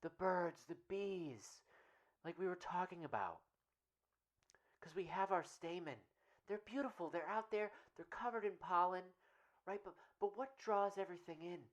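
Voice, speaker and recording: A woman playing a rambling earnest radio guru. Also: fairly low pitch. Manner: rambling, earnest, repeats "right?" constantly. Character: earnest man radio host, rambling self-help guru. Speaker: radio show host. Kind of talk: comedic parody radio monologue.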